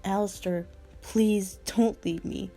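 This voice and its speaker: A woman's voice: on the low side, unhurried, warm tone, faint music behind. A woman voicing a heartbroken young woman who pleads through tears in a fan story reading. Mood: pleading. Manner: tearful, pleading.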